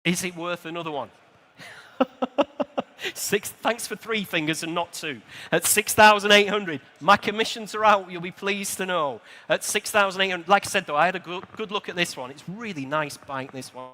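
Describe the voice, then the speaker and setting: In a motor show sale room, a man with a bright, high voice calls bids at a live auction. He keeps up a brisk, rhythmic patter and tosses friendly asides to bidders, his voice trailing a long reverb through the large exhibition hall.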